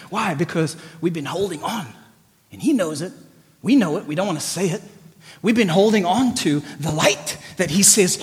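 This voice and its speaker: A man preaching an energetic sermon. He swings from shouted exclamations to low, intimate asides. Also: long reverb tail.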